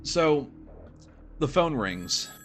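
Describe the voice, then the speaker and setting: A man narrating as game master of a tabletop horror game, describing scenes in a relaxed way with casual fillers. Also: a little high, very slow. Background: music.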